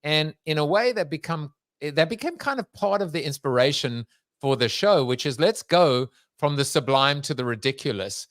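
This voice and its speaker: A man's voice: fairly high pitch, animated, moderate pace, fairly bright tone, no echo. A man with a Long Island accent hosting an interview podcast, joking and rambling, laughing often. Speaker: podcast host. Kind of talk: casual interview chat.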